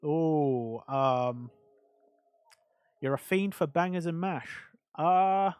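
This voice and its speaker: A man's voice: fairly high pitch, fairly even intonation, drawn-out words, a little mellow, clean tone, no room sound, studio quality. A male streamer chatting casually on a livestream, rambling and answering chat with lots of fillers.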